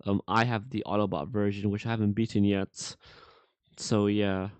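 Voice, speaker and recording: A man hosting a casual reaction chat with a sore throat, halting and full of filler words. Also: lowish voice, little pitch movement, clear, resonant tone, no echo. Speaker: reaction channel host.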